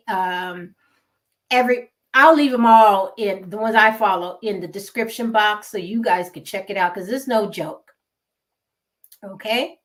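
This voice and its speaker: A woman with a West Coast American accent gives casual, emphatic gossip commentary and repeats words for effect. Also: medium pitch. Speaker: gossip vlogger.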